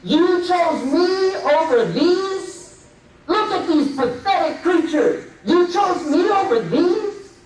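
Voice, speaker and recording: A man putting on a sneering devil, high and echoey. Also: lively intonation, slow pace, a little hiss or hum, heavily acted. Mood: mocking, gloating. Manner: taunting, sneering. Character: gloating, scornful male devil mocking humankind. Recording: echoey hall, mic at a distance.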